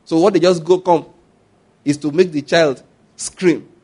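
Nigerian pastor, middle-aged, fairly high voice, lively storytelling sermon, repeats for emphasis. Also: male voice, unhurried. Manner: animated storytelling, acts out scenes, repeats points.

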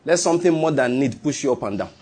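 Male pastor, middle-aged, husky tone, emphatic sermon delivery. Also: mid-range voice, expressive, quick pace, a little mellow. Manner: emphatic, repetitive preaching with acted quotes and chuckles.

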